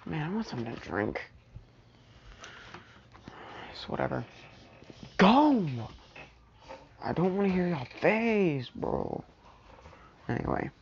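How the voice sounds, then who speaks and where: A woman's voice: low-pitched, big pitch swings, normal speed, gravelly, a little mellow, muffled recording, a little hiss or hum. A woman telling a fan story in a casual, rambling way at home, full of "you know" and "anyway". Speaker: storyteller vlogger. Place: at home with family around.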